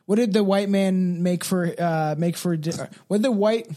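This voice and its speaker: A man's voice: high-pitched, normal speed, mellow. A man hosting a podcast, chatting casually in a rambling, exaggerated way. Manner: rambling, laughing, self-described exaggerated character. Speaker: podcast host. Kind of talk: casual chat.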